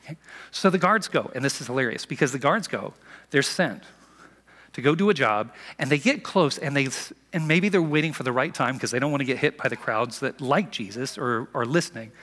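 A man preaching a sermon as a pastor, in an animated, conversational storytelling manner, in a church sanctuary. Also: medium pitch, fairly quick. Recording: long reverb of a large hall.

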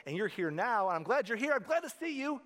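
A preacher voicing a flustered host who has a hungry guest and nothing to feed him, apologetic and rattled. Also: male voice, very high-pitched, sing-song, fast talker, fairly bright tone, pitched above the performer's own voice, heavily acted. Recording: reverberant hall.

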